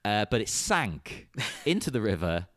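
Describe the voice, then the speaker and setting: A man's voice: on the low side, very animated, a little slow, fairly bright tone, no room sound, clean studio sound. A man co-hosting a podcast in casual chat, playful and often laughing as he talks. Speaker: podcast co-host. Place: lives in Liverpool.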